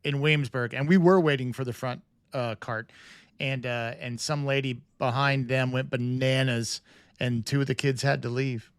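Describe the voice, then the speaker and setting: A man's voice: medium pitch, steady tone, moderate pace, smooth, no echo, studio quality. A man co-hosting a casual podcast, rambling through a complaint with self-questioning asides and strings of rhetorical questions. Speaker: podcast co-host. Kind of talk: casual chat.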